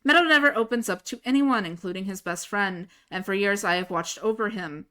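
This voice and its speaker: Woman reading as a blunt, gruff-on-the-surface older general, read in a hushed, bright-edged voice. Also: medium pitch, brisk, close to an everyday voice. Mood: gentle. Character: blunt older male general, quietly caring. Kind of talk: reading her own book aloud.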